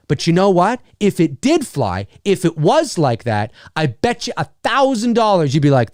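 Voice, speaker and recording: A man's voice: a little high, no room sound, studio quality. A middle-aged man hosting a live stream in a casual, rambling way, swearing freely and answering viewer comments. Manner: rambling and animated, swears freely, acts out quick asides.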